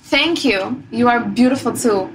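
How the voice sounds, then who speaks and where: A woman's voice: fairly high pitch, unhurried. A young adult woman, an actress guest in a casual podcast chat, laughing often and trying out accents. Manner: giggly, plays with put-on accents. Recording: faint background noise.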